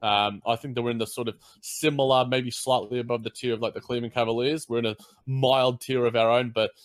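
A man's voice: mid-range voice, steady tone, fast talker. A man with an Australian accent chatting casually about basketball on a podcast, loose and teasing. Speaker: podcast co-host. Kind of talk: casual sports chat.

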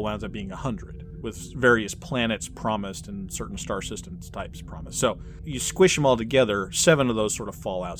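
A man's voice: lowish voice, a little hiss or hum. A man co-hosting a podcast in casual chat who talks playfully and goes into detail. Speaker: podcast co-host.

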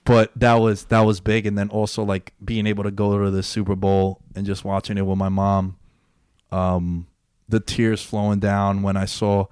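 A young man hosts a casual sports podcast. He has a fairly low voice and tells his stories in an excitable rush, swearing freely. The sound is dry and close. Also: moderate pace, clean tone, no echo. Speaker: podcast host. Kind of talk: casual chat.

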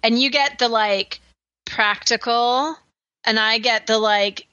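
A woman co-hosting a podcast, chatting casually in a quick, nerdy way and laughing often. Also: on the high side, bright, forceful tone, smooth, no room sound. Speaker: podcast co-host. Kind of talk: casual chat. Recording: slightly dull, lo-fi sound.

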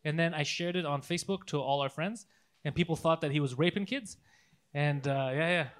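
A man's voice: fairly high pitch, fairly quick. A man in casual podcast chat, telling crude prank stories with lots of laughter.

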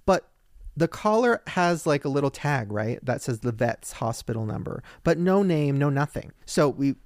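A man co-hosting a podcast, telling a story in casual chat and jumping into high, excited quoted voices. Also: normal speed, no echo, studio quality. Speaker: podcast co-host.

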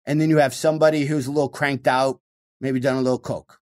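A man with a Michigan accent, a stand-up comedian talking fast and animatedly in an interview, swinging his voice up and down to show his points. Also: mid-range voice, flat delivery. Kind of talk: casual interview talk.

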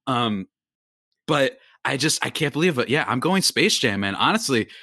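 A man chatting as a guest on a sports podcast, excitable and laughing often, exclaiming in disbelief. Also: mid-range voice, moderate pace, dry recording, studio quality. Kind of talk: casual sports chat.

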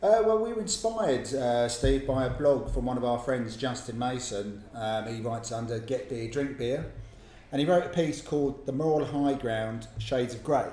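A man co-hosting a casual podcast in a pub, relaxed and chatty. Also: mid-range voice, normal speed. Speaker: podcast co-host. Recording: roomy pub with faint noise.

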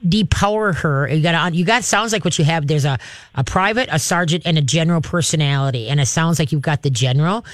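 A woman hosting a call-in radio show as a dog trainer, chatty and animated, with lots of fillers and restarts. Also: low voice, fast, dry recording, studio quality. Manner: chatty, animated, acts out dog and owner voices.

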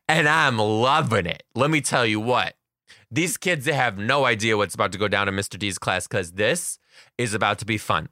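A man who teaches kindergarten, telling classroom stories in a casual, slangy, animated way. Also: mid-range voice, no room sound, studio quality. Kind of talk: casual storytelling vlog.

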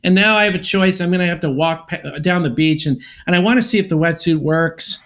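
A man's voice: on the high side, a little fast, fairly bright tone. A man casually telling a long personal story on a podcast, acting out both sides of an argument.

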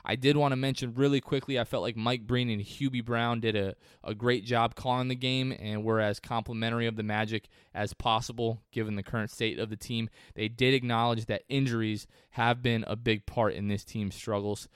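A man's voice: mid-range voice, little pitch movement, fairly quick, few pauses, clear, resonant tone, dry recording, clean studio sound. A man hosting a sports podcast, talking through a game in a casual, conversational way that wanders off on tangents. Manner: conversational, digressive. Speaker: podcast host.

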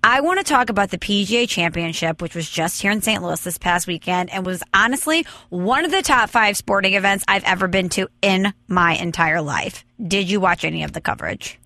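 A woman's voice: mid-range voice, lively intonation, fairly quick, few pauses, sharp tone, no room sound. A young woman hosting a podcast, chatting enthusiastically and telling stories at length. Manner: enthusiastic, talkative storyteller. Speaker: podcast host. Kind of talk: casual chat.

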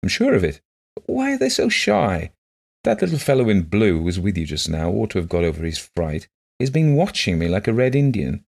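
A man reading the part of a gentle, shy blind woman who talks softly and earnestly in simple phrases. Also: fairly low pitch, huge pitch swings, a little fast, gravelly, pitched above the performer's own voice, exaggerated voice.

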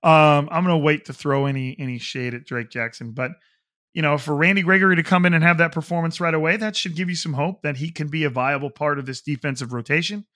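A man hosts a casual solo sports podcast. He rambles and leans heavily on fillers like "like" and "you know". His voice sits a little high and sounds bright and forceful. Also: fast.

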